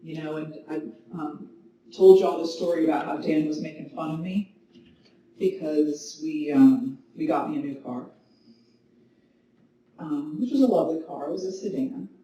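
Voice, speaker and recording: A woman yoga teacher guiding a class and telling a story between poses, with calm, gentle cues. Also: low-pitched, moderate pace. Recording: very echoey room, mic at a distance, faint noise.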